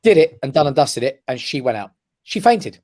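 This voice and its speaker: A man, a guest on a talk show, telling a personal story with lively emphasis and frequent "right?" check-ins. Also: mid-range voice, brisk, no echo, clean studio sound. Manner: animated storyteller who keeps checking in with "right?". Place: his office.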